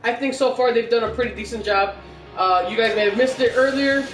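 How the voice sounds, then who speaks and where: A man's voice: very high-pitched, a little fast, fairly bright tone, far from the mic. A man from the US Midwest co-hosting a casual wrestling podcast, with joking, laughing banter. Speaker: podcast co-host. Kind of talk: casual chat. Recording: echoey room from afar, faint music.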